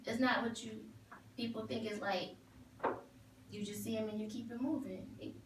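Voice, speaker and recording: A woman guest DJ with a fairly high voice speaks in an easygoing, matter-of-fact way. She is far from the microphone in an echoing room, and faint clicks can be heard in the background. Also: steady tone, normal speed, heavy background noise. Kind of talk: casual chat. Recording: roomy, distant mic.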